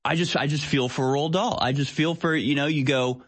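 A man's voice: a little high, steady tone, a little fast, fairly bright tone, slightly rough. A man co-hosting a political commentary chat, talking in an insistent, ranting way. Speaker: co-host.

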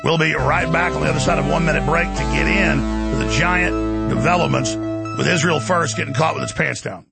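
A man hosting a talk radio show, ranting in a forceful, combative way with a gravelly, husky voice. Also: a little high, a little fast, over loud music. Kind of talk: heated talk radio monologue.

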